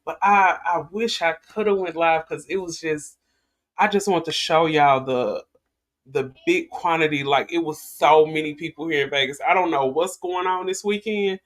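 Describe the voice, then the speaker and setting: A woman's voice: sits low, normal speed. A woman hosts a casual commentary vlog. She talks in a chatty, rambling way and often restarts her sentences as she talks to her viewers. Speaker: vlogger host.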